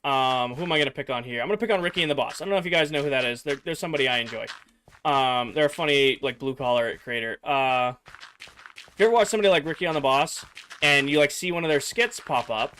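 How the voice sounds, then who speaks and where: Quick and sharp-toned at a mid-range pitch, this young man rambles to his stream viewers as he plays, leaning on filler words and replying to chat. His voice is slipping a little, and there's slight noise in the background.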